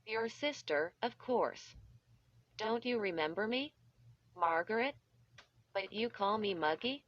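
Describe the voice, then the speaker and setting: A woman's voice: mid-range voice, lively intonation, slow pace, fairly bright tone. A woman's voice, likely synthetic, reading a bratty little girl who taunts in a sing-song. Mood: taunting. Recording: dull lo-fi.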